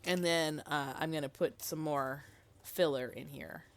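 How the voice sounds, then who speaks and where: A woman's voice: deep voice, fairly even intonation, measured pace. A woman vlogging casually about her rock tumbler, thinking aloud with ums and a sick-sounding voice. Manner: chatty, thinking aloud with fillers. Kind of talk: casual how-to vlog.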